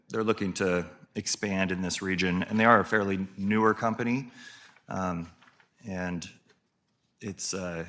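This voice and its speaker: Deep-voiced man explaining city business. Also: a bit bright. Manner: measured explanatory, with fillers. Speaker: city staff presenter. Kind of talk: explaining at a council meeting.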